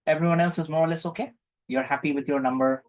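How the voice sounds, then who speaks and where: A man's voice: a little high, fairly even intonation, quick pace, darkish tone. A man leading an online group healing session on a video call, playful and teacherly, repeating his questions to the group. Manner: playful, repetitive teacherly prompting.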